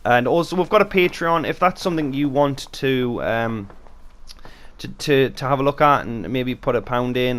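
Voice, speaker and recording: A British YouTube host runs a casual gaming Q and A vlog, speaking off the cuff in a chatty, rambling way. His voice is mid-range and brisk.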